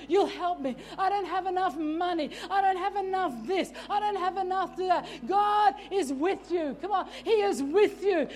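A woman preacher delivering an exhorting sermon, repeating "come on" and "stop it" and rising to shouts. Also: very high-pitched. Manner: shouts at peaks.

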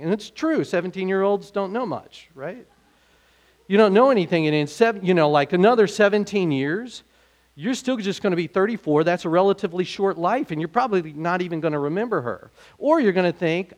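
A man preaching a sermon in a conversational way, growing animated when he asks questions. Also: high-pitched, moderate pace. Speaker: pastor.

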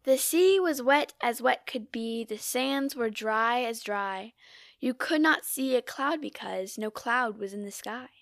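A woman reciting a classic narrative poem in a measured, theatrical way, now and then dropping to a whisper. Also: fairly high pitch, a bit bright, no echo, studio quality. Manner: measured, theatrical reading with sudden drops to a whisper. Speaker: poetry reader. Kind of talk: poetry recitation.

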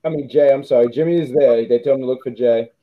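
A man's voice: mid-range voice, fast, a little hiss or hum. Rambling man, dull lo-fi sound. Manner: rambling, self-correcting, laughs often. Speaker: podcast co-host. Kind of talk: casual wrestling chat.

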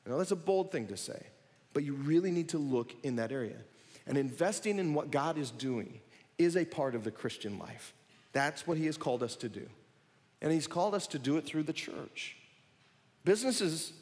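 A man's voice: a little high, animated, moderate pace, a little mellow. Preaching man in a reverberant sanctuary. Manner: preaching with rising emphatic bursts, call-and-response questions. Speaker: pastor. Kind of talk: sermon. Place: church sanctuary.

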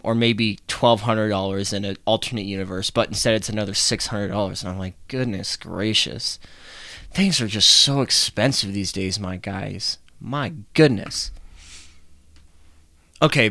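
Chatty, rambling young man, low and dry. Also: a bit bright, no room sound. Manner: rambling, chatty, swears casually. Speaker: podcast host. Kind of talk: casual solo podcast talk.

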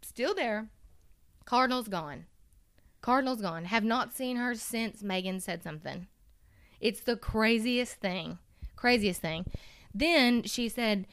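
A woman's voice: on the high side, lively intonation, takes it slowly, a bit bright, dry recording, clean studio sound. A woman telling a personal story in casual conversation, candid and emotional, swearing now and then and acting out quotes.

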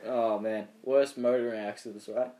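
A man's voice: medium pitch, steady tone, normal speed, warm tone. Young Australian man telling rambling stories. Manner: rambling storyteller, acts out voices. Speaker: podcast co-host. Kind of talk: casual chat.

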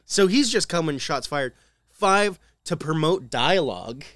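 A man's voice: fairly high pitch, animated, measured pace, a bit bright, dry recording. Man telling a story on a podcast, dry sound. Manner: walks through a history story point by point, with a dry wry edge. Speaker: podcast co-host. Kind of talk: casual storytelling chat.

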